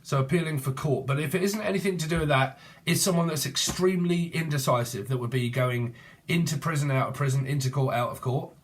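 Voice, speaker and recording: A man's voice: fairly high pitch, brisk. Rambling, free-associating man. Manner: free-associating, swears, breaks into song snatches. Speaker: tarot reader. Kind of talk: rambling casual tarot reading.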